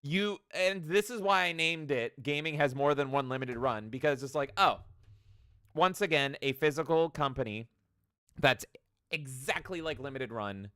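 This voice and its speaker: Excitable cursing man on a podcast. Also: fairly high pitch, moderate pace, clear, resonant tone, no echo, studio quality. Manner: animated, profane ranting with mocking quotes. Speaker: podcast co-host. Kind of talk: casual podcast chat.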